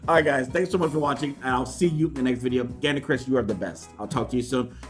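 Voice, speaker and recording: A man vlogging an unboxing in an excited, casual way, laughing often and jumping high in pitch when thrilled. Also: fast talker, faint music behind. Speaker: YouTube vlogger.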